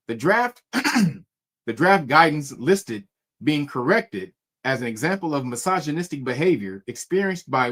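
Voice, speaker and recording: Man reading news with commentary, casual, profane, lively pitch, stumbles and laughs. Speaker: commentary streamer.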